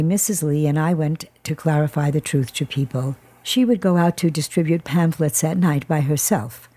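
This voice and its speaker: A woman reading a first-person personal testimony aloud in a measured, careful way. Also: low-pitched, warm tone. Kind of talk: scripted first-person narration.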